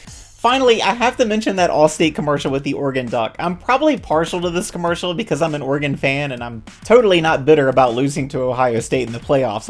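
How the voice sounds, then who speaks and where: A woman's voice: low-pitched, darkish tone. A woman commentator ranting about commercials in a casual, sarcastic, exasperated way. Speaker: video commentator.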